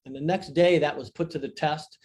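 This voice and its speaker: A man's voice: fairly high pitch, steady tone, a little fast, darkish tone. An older man, a guest author and coach, telling a personal story in an earnest, reflective way over a video call. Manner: earnest, reflective, emphatic on key phrases. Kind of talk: conversational interview storytelling.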